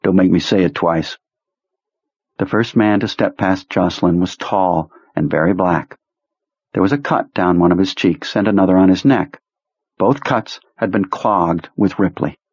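A man reading a novel aloud in steady, measured audiobook narration. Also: deep voice, slightly rough, no room sound. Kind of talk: scripted narration. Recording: dull lo-fi dry sound.

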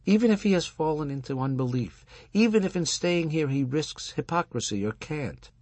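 An older rabbi, stern and commanding, as the man reading puts him on. His voice is raised high and swings widely as he preaches. It has a husky, dry edge. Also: lively intonation, darkish tone, no room sound. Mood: preaching. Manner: lofty, preaching, slow on emphasis.

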